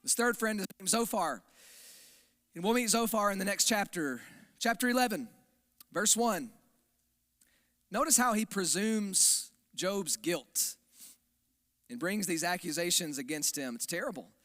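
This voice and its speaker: A man's voice: high-pitched, expressive, unhurried, pauses often, fairly bright tone. A man preaching a sermon in a conversational, emphatic way, often checking the audience is following. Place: church sanctuary. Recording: long hall reverb.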